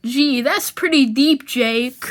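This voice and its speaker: A woman's voice: high-pitched, slow pace, fairly bright tone, a little hiss or hum. Chubbs, a woman doing a folksy gee-whiz sidekick. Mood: gentle. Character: gentle folksy male comic sidekick.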